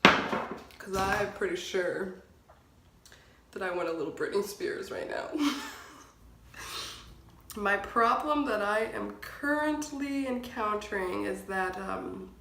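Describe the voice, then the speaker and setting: A woman's voice: mid-range voice, gravelly, bright, forceful tone. Chatty self-mocking woman vlogger. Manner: chatty, self-mocking, often laughing nervously. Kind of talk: casual vlog chat to camera. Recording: echoey room with background noise.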